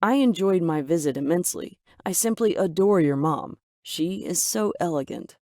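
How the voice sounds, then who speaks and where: A woman voicing a gentle, earnest young man in an animated story. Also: on the low side, normal speed, no room sound, studio quality, close to an everyday voice.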